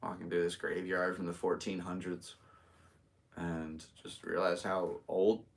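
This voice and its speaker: A laid-back man in his thirties from Connecticut, chatting loosely on his own podcast. His voice sits low, and he drifts from story to story with easy fillers. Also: flat delivery, unhurried, creaky, far from the mic. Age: 30s. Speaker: podcast host and comedian. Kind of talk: casual solo podcast chat.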